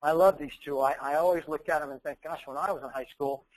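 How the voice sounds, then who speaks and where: A man's voice: fairly high pitch, fairly even intonation, fast talker, a little mellow, rough recording. Man telling a story from a stage. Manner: storytelling with emphatic, rising quoted dialogue. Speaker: keynote speaker. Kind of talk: motivational speech.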